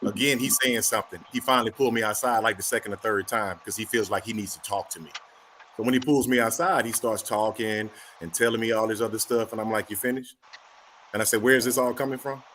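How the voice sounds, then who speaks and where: A man's voice: on the low side, quick pace, a bit bright, slight background noise. A man in casual chat, telling a story animatedly and acting out both sides of the dialogue.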